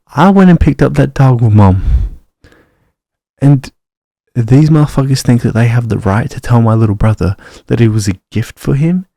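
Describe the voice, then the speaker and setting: A man's voice: mid-range voice, moderate pace, vocal fry, dark tone, dry recording, clean studio sound. A young man, swearing and ranting in a casual personal vlog. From Australia. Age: young adult. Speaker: vlogger.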